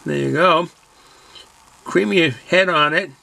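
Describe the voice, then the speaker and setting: A man's voice: on the high side, slow, vocal fry, sharp tone. A man with a Boston accent reviewing a beer in casual, rambling talk with many fillers and restarts.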